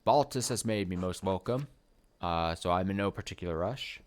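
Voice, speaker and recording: A man voicing a polite male Italian merchant in a game, reading his lines in a measured way. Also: sits low, a little hiss or hum, close to an everyday voice.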